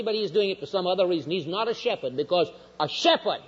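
A man preaching a sermon with passion, his voice rising high and loud and then dropping low and quiet. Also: quick pace, husky. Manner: impassioned preaching, swinging from loud highs to low quiet lines. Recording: dull lo-fi recording in a reverberant hall.

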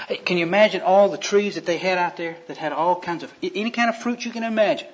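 A man preaching a sermon, retelling Bible scenes in a folksy storytelling way that swings from loud to hushed. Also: high-pitched, fast talker, hardly any pauses, dull audio, a little hiss or hum.

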